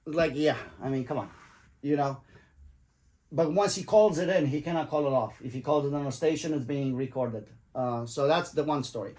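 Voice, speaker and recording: A man's voice: a little high, moderate pace. A man casually telling a funny story, swearing freely, acting out what people said and breaking into laughter. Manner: animated, swears freely, acts out quotes with laughs.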